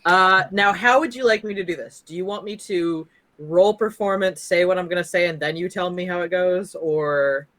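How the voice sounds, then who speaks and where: A player in a tabletop game, chatty and quick to laugh. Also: medium pitch, a bit bright, no room sound.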